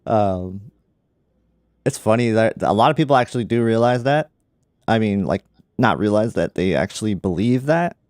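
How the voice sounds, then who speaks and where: A man's voice: lowish voice, lively intonation, moderate pace, a little mellow, no room sound, studio quality. A man hosting a casual tech livestream, laid-back and laughing often, with lots of "like" in his talk. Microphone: studio microphone.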